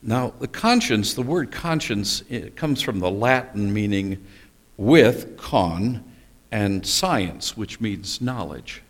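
A man's voice: lowish voice, lively intonation, takes it slowly. A male pastor preaching a sermon, telling stories and asking rhetorical questions with small humorous asides.

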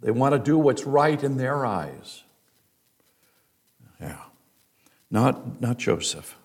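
Slow, earnest male preacher. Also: mid-range voice, big pitch swings, vocal fry, darkish tone. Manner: slow, earnest, repeats words while preaching. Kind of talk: sermon.

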